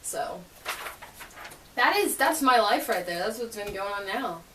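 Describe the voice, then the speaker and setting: A woman's voice: mid-range voice, expressive, unhurried, fairly bright tone. A young woman vlogging casually, chatty and giggly, with sarcastic asides while reading aloud. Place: bedroom, spinning in a chair. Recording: roomy, distant, faint hiss.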